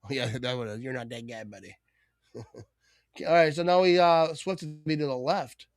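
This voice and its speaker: A man hosting a live watch party, calling the plays and reacting with excitable energy. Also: mid-range voice, dry recording, studio quality. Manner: calls plays rapidly, bursts into excited shouting. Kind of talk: play-by-play commentary.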